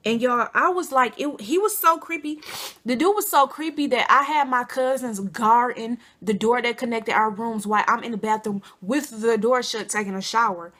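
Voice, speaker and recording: A young woman vlogger telling a story in casual, animated chat with lots of fillers. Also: fairly high pitch, normal speed. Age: young adult. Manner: chatty, animated, many fillers.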